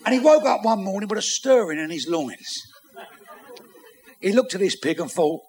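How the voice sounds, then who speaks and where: A man telling bawdy jokes on stage, acting out characters with shouts and sound effects. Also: sits high, expressive, normal speed. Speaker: stand-up comedian. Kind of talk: bawdy stand-up joke telling.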